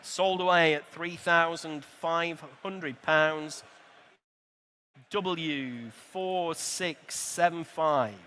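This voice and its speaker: A bright, high-voiced man calls bids at a live auction, keeping a brisk, rhythmic patter with friendly asides to bidders. His voice carries a long reverb from a large exhibition hall. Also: clear, resonant tone. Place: motor show sale room.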